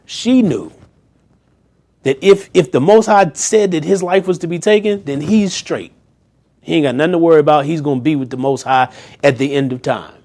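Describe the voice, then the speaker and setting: A man's voice: on the high side, moderate pace, darkish tone. A man leading a Bible study, reading scripture aloud and breaking off into casual, slangy commentary and pointed questions to his listeners. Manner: direct, rhetorical questions to listeners.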